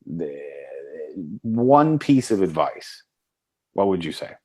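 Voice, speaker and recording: A man with a somewhat low voice hosts a casual interview. He asks his questions haltingly, full of fillers and restarts. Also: big pitch swings, darkish tone, breathy edge. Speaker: podcast host.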